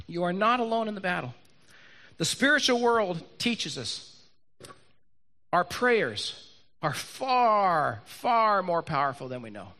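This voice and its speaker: A man preaching a sermon to a room and an online audience, animated, acting out Bible characters and repeating lines for emphasis. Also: high-pitched. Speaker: pastor. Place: church hall with live audience and online stream.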